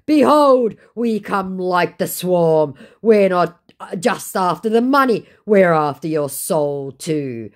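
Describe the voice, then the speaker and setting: A woman voicing a cocky, menacing male online scammer, read out in a slow, drawn-out, mocking way. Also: lowish voice, animated, voice pushed up.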